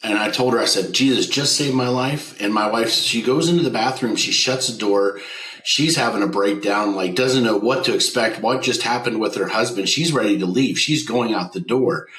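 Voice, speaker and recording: A business owner, appearing as an interview guest, earnestly tells an emotional personal testimony, acting out the dialogue he quotes. His lowish voice is a bit bright at normal speed, on a reverberant, low-quality recording.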